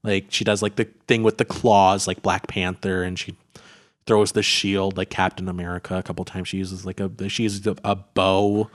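A man's voice: low-pitched, level tone, normal speed. A man in casual conversation, talking about a film with lots of fillers and restarts. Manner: rambling, heavy on filler words and restarts. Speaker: podcast co-host reviewing a film.

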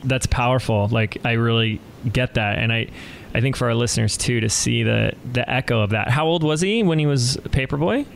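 A podcast host with a gravelly, creaky voice chimes in with brief affirmations and follow-up questions. The pitch sits mid-range. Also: fairly quick, slight background noise. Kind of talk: casual interview.

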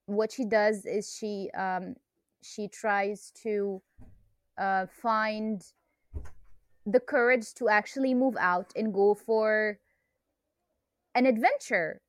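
A young woman co-hosting a casual book podcast, unhurried and hesitant, with many ums. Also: medium pitch, steady tone, no room sound, studio quality. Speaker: podcast co-host.

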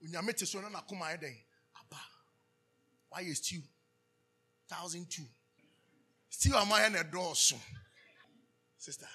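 A man's voice: high voice, a little slow, pauses often, bright, forceful tone, a little hiss or hum. A man with a Ghanaian accent preaching a sermon as pastor, calling out questions for the congregation to answer and slipping into Twi. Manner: preaching with call-and-response questions, switching into Twi.

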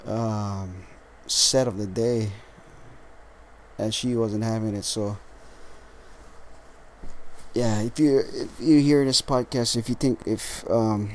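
A lethargic man talks through his solo podcast in a slightly low voice, tripping over his words and restarting often. He swears casually as he goes. A faint noise sits under the recording. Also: steady tone. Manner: rambling, halting, with frequent restarts and swearing. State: tired and lethargic. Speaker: podcast host.

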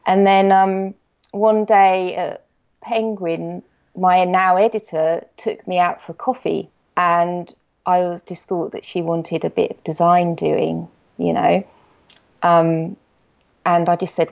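A woman guest talking casually in an interview, telling stories with lively quoted exchanges and frequent laughs. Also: on the low side, a little slow, gravelly. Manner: animated anecdotes, acts out quoted exchanges, laughs often. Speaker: guest, designer and illustrator. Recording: dull lo-fi podcast recording.

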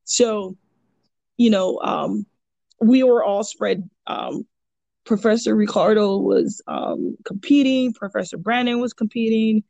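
A woman's voice: medium pitch, slow, gravelly, a little mellow, dry recording. A woman who coaches jiu-jitsu chats casually on a podcast, rambling through stories with lots of fillers and restarts. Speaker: jiu-jitsu purple belt and kids' coach. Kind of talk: casual podcast chat, storytelling.

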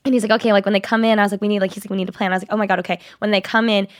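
Fast-talking young woman telling a story. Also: mid-range voice, no echo, clean studio sound. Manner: rapid, animated storytelling full of "like" fillers. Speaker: podcast co-host. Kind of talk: casual storytelling chat.

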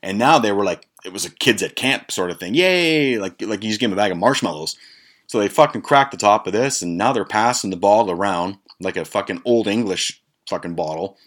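A man's voice: lowish voice, fairly quick, a bit bright. A man in his forties hosting a podcast, telling a rambling, profane, amused story. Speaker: podcast host. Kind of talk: casual storytelling.

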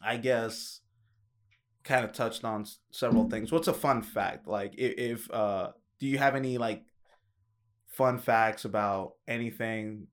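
A man's voice: on the low side, measured pace. Laid-back man hosting a casual chat. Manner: laid-back, laughs easily, jokey. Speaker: podcast host.

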